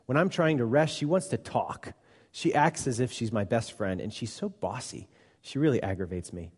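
A man's voice: medium pitch, expressive, moderate pace, slightly rough, long reverb tail. A man reading as a fretful young ewe in a storybook. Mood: irritated. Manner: read-aloud storybook voice, mostly soft. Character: young female sheep, easily annoyed, then humbled.

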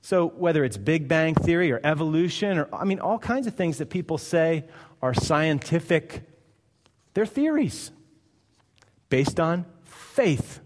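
A man's voice: on the high side, animated, moderate pace. A male pastor delivering a sermon, emphatic and conversational, firing off rhetorical questions. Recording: long hall reverb.

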